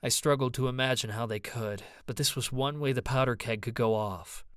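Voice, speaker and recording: A man's voice: mid-range voice, a little fast, fairly bright tone, clean tone, no room sound, clean studio sound. A man narrating an audiobook in first person, with a brooding, introspective manner.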